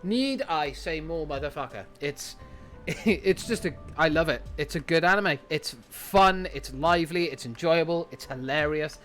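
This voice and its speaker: A man's voice: a little high, a bit bright. A man streaming casually, chatting with enthusiasm, swearing freely and thinking aloud as he goes through his anime list.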